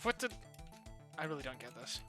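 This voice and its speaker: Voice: mid-range voice, very animated, brisk, over music. A game streamer giving live, frustrated, swearing reactions while playing. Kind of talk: live-stream gameplay commentary.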